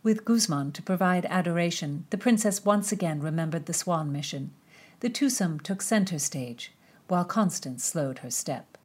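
A woman narrating a historical novel in an expressive, measured reading. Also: lowish voice, husky. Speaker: audiobook narrator. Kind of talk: scripted narration.

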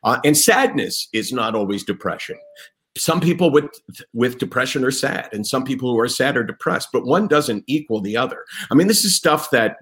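A man's voice: medium pitch, fairly bright tone. Man, interviewer, earnest, emphatic, explains patiently, mid-range voice. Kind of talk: conversational interview.

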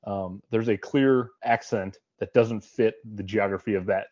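Low-voiced man asking questions. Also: steady tone, a little slow, darkish tone, highs cut off. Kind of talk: casual movie-review chat.

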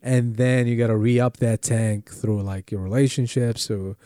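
A man, a comedian, chatting casually on a podcast, rambling and animated with frequent restarts. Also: mid-range voice, a little slow, no echo, clean studio sound.

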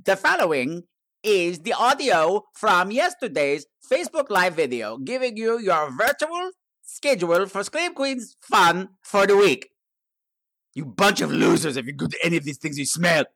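A man's voice: sits high, very animated, moderate pace, a bit bright, dry recording, studio quality, exaggerated voice. A man voicing a crude, insulting male gargoyle who introduces the show with mock grandeur. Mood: scornful. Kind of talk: comic character intro.

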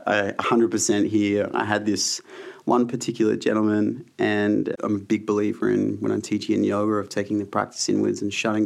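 Casting: man, frank and easygoing, lowish gravelly voice, chatty yoga teacher as interview guest. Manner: frank, laid-back storyteller. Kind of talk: casual interview chat.

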